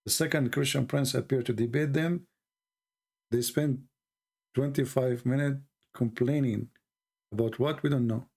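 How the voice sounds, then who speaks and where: A man hosting a casual livestream, rambling and animated, often mocking people in put-on voices. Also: medium pitch, measured pace, long pauses. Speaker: livestream host.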